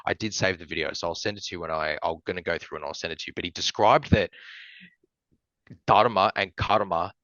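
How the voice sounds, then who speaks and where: A man's voice: low voice, fairly quick, fairly bright tone, no echo, muffled recording. A man from Australia, a podcast guest in casual chat, rambling with many fillers and swearing, and getting emotional as he talks.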